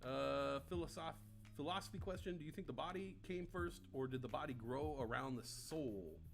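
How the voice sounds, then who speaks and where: A man's voice: fairly high pitch, moderate pace, gravelly, faint music behind. A man in his forties hosting a live stream, chatting casually and rambling through viewer comments while swearing freely. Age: 40s.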